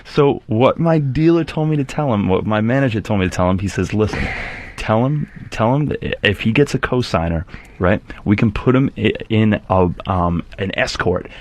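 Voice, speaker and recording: A man's voice: on the low side, moderate pace, a little mellow. A man in casual chat, telling candid stories from his years selling cars. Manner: candid storyteller, sheepish about past scams.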